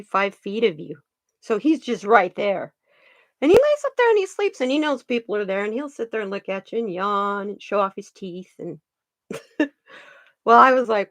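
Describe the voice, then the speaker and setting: A woman's voice: a little high, dry recording. A woman hosting a card-reading channel, chatting earnestly and animatedly, with restarts and trailing phrases. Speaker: card reader and channel host. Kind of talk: casual storytelling chat.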